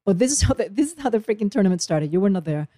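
A woman's voice: medium pitch, expressive, very fast, warm tone, no echo, clean studio sound. A woman co-hosting a podcast, telling a story in a rambling, emotional way. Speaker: podcast co-host. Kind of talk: casual chat.

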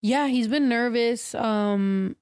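A young woman co-hosting a podcast, chatty and expressive, swearing and laughing easily. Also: on the high side, slow pace, smooth, dry recording. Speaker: podcast co-host. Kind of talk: casual chat.

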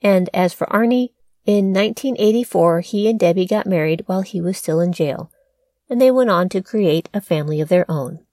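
A woman's voice: mid-range voice, fairly quick, darkish tone, no room sound, studio quality. A woman hosting a podcast, telling a true crime story in a conversational way with wry asides. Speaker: podcast host.

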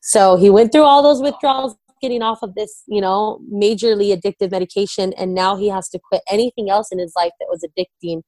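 A woman's voice: mid-range voice, fairly quick, few pauses, a little mellow, no room sound. A young woman candidly telling an emotional personal story, often quoting herself and her husband. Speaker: guest, wife of a recovering addict.

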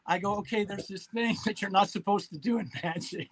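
Middle-aged guy, pretty high voice, lively storyteller acting out the quotes. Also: quick pace. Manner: animated storyteller who acts out quotes. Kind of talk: casual chat.

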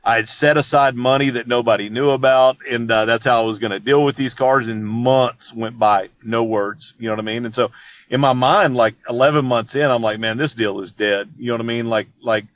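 A man's voice: medium pitch, fairly even intonation, fairly quick, no room sound, lo-fi sound. A man telling a long story in casual chat, rambling and laid-back, full of "dude" and "you know what I mean.". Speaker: podcast guest.

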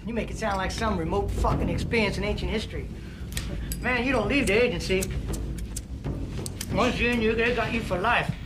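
An actor playing a paranoid, foul-mouthed, middle-aged former agent who talks in jittery, rambling bursts, heard from a film clip. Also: male voice, sits high, fairly quick, long pauses, over music, close to an everyday voice. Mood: jittery, tense. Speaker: film character.

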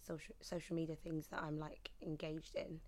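A woman chatting as a guest in a casual discussion, her voice soft and trailing off. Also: sits low, little pitch movement, moderate pace.

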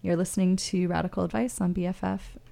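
A woman's voice: fairly low pitch, little pitch movement, fast talker, creaky, warm tone. A woman hosting a radio show, talking in a casual, rambling way with many restarts.

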